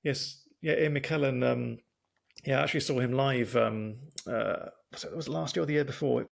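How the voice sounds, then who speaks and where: Oxford accent guy hosting a podcast, super gravelly voice, talks slow and careful. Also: mid-range voice. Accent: Oxford English. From England. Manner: deliberate, careful pacing, works to speak slowly. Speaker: podcast host. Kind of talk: casual interview chat.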